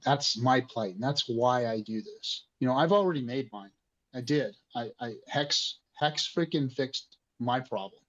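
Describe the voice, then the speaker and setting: A man's voice: mid-range voice, fairly bright tone, dull audio. A man hosting an online community discussion, speaking passionately and emotionally with frequent swearing.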